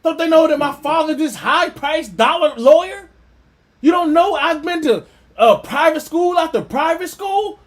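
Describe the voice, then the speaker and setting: Mocking bit: man doing a high, whiny, entitled rich young guy, voice swinging wide. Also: expressive, normal speed. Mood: indignant. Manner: mocking exaggerated whine.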